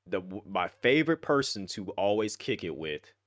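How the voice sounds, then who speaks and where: Man, host, low-pitched voice, rambling animated storytelling, casual roundtable. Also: moderate pace.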